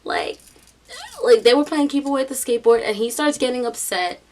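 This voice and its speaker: A young adult vlogger from the United States with a New York accent speaks in a slightly high voice, fairly quickly. She tells her story in a chatty, animated way, bringing people to life through their voices and filling gaps with "like" and "um."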